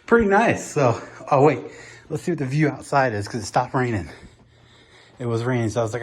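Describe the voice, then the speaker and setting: A man giving an excited, out-of-breath handheld room tour of a vacation apartment, exclaiming at each room. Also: medium pitch, brisk, slight background noise. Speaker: vlogger.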